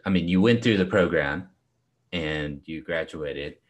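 A man's voice: low voice, a little slow. A male interviewer who asks questions in an affirming, encouraging way.

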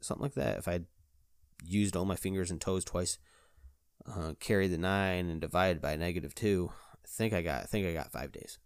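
A man hosting his own podcast, chatting alone in an excitable, rambling way full of "like". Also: sits low, moderate pace, smooth, dry recording, studio quality. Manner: excitable, rambling, fills talk with "like". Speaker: podcast host. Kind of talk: casual solo chat.

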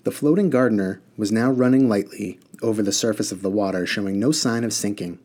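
A man reading a children's novel aloud in a steady storytelling manner. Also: lowish voice, brisk. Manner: steady storytelling, casual asides. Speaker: reader.

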